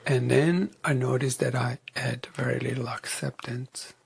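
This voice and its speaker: Husky, gravelly man speaking slowly. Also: medium pitch, steady tone. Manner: soft-spoken, often dropping into a whisper. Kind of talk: reflective conversational interview.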